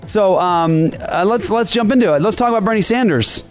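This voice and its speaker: A man's voice: high-pitched, a little fast, soft background music. A man hosting a ministry podcast, casual and rambling with sarcastic jokes. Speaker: podcast host. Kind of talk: casual ministry talk show.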